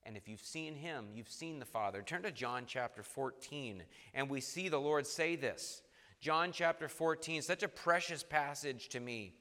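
Earnest male preacher, bright voice, reverberant hall. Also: fairly high pitch. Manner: earnest, halting restarts, reads scripture aloud. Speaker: pastor. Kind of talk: sermon.

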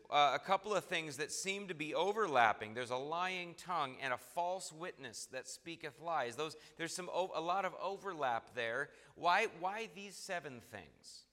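Earnest male preacher, emphatic delivery, bright voice, recorded with long hall reverb. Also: fairly high pitch. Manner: earnest, emphatic, reads scripture slowly. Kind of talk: sermon.

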